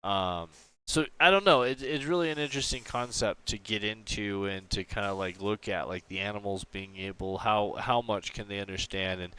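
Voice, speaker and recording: A man thinks aloud in loose, rambling commentary on a livestream, padding his thoughts with fillers. His voice is low-pitched, smooth and clear. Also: steady tone, normal speed, a bit bright, poor audio. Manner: rambling, filler-heavy, musing. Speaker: livestream host. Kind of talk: casual commentary.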